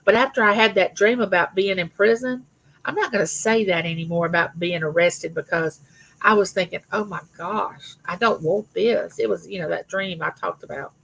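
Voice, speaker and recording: A woman's voice: fairly low pitch, brisk, gravelly, a bit bright, slight background noise, poor audio. A middle-aged woman hosting a casual live chat with her viewers, telling rambling personal stories. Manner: chatty, rambling storyteller, greets viewers by name. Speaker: livestream host.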